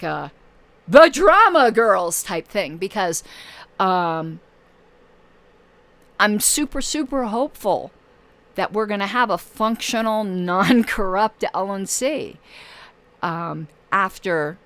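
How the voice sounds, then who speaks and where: A woman hosting her own channel in casual livestream talk, losing her voice and pausing often with fillers. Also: medium pitch, animated, fairly bright tone. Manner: halting, many filler pauses. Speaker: political channel host.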